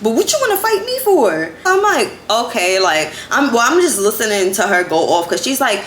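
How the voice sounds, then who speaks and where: A young woman in her twenties tells a story in a chatty, animated way. Her voice swings widely up and down, and she sounds like she is in an echoey room. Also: on the high side, a little fast, slight background noise. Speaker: vlogger. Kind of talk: casual storytime.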